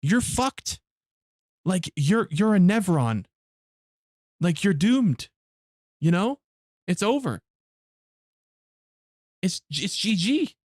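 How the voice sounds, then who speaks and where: A man's voice: high-pitched, big pitch swings, extremely slow, pauses often, darkish tone, no room sound, clean studio sound. A man streaming a game live, chatting casually with his viewers in blunt, heavily profane rants. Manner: blunt, profane ranting to chat.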